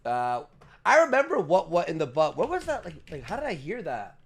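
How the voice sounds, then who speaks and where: Coaxing male podcast host, high lively voice. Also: brisk, gravelly, slightly rough. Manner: pleading and coaxing, laughs often. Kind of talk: casual chat.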